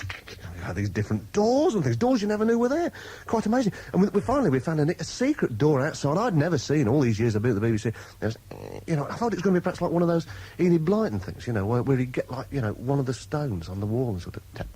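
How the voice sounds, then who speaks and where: A man's voice: medium pitch, slight background noise, rough recording. A man presenting on radio, telling a long anecdote in casual chat, laughing and acting out voices as he goes. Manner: animated, laughing, acts out voices in his stories. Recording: 1980s radio broadcast.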